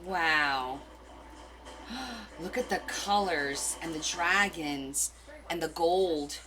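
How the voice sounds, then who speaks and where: A woman hosting a casual live craft stream, gushing and excitable as she opens gifts and reads notes aloud. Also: sits low, slow pace, crowd noise. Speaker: craft livestream host. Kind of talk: casual live unboxing chat.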